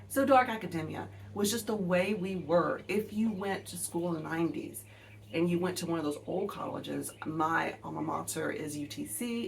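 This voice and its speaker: A woman's voice: low voice, creaky, distant mic, slight background noise. A woman in her forties with an Alabama accent, hosting a casual book video; she rambles, digresses and swears freely while talking straight to her viewers.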